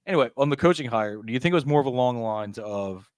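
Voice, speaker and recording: A man's voice: medium pitch, expressive, fast, clear, resonant tone, no echo, studio quality. Chatty man asking long questions. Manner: conversational, asks long probing questions. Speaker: podcast co-host. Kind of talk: casual sports chat.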